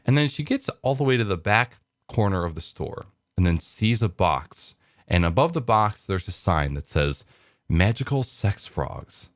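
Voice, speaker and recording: A man's voice: fairly low pitch, expressive, moderate pace, no room sound, studio quality. A man telling a joke and chatting casually in a morning vlog, rambling with lots of fillers. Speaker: vlogger.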